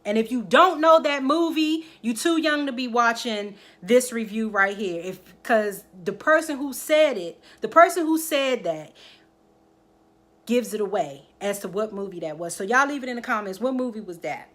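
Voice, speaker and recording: A woman's voice: on the high side, normal speed. A woman recapping a TV drama episode in casual chat, acting out the characters' lines and talking straight to her viewers. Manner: animated storytelling, acts out the characters' lines; addresses viewers directly, keeps checking in with "okay?". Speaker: TV episode reviewer.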